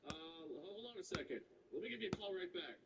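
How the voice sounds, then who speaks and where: A man's voice: on the high side, a little fast. A man chats his way through a frustrating story, voice rising and falling as he imitates the people he dealt with. He sits a little away from the mic, and noise runs under him. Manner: animated, mimics people he quotes. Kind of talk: casual chat. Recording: noisy room mic from a distance.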